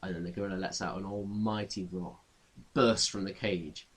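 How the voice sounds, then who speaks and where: A man's voice: sits low, fairly even intonation, normal speed, breathy edge. A man co-hosting a podcast, improvising a silly comic story with giggles and mouth sound effects. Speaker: podcast co-host.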